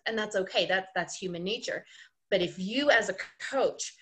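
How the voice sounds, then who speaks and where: A woman coach talks in a casual podcast interview with a mid-range voice. She tells her stories with emphatic repetition and a lot of energy, and she builds each point in steady, rhythmic steps. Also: mid-range voice, normal speed. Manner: animated storyteller, emphatic repetition. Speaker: ice skating coach, podcast guest.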